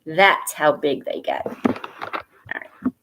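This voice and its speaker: A woman from a school reading a picture book aloud to children at home, gentle and expressive, a little nervous, chatting to the kids between pages. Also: low-pitched, slow pace, gravelly, noisy background. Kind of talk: storybook read-aloud for children.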